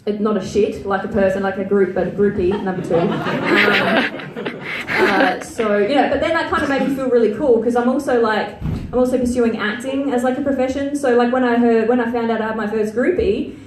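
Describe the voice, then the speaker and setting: A woman's voice: a little high, steady tone, fairly quick, far from the mic, noisy background. Crude Australian woman doing stand-up. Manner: crude, self-mocking, chatty with many filler likes. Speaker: stand-up comedian. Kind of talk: stand-up comedy set. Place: comedy venue stage. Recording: roomy live venue sound from afar.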